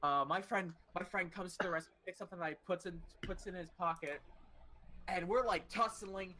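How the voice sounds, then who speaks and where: Young adult podcast host, bright voice, casual storytelling, lots of fillers and swearing. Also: medium pitch, normal speed. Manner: animated, swears freely, many fillers.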